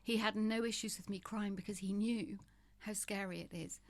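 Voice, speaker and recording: Steady and medium-pitched at a moderate pace, this interview guest in her fifties talks frankly and with emphasis, adding wry humor to the candid conversation.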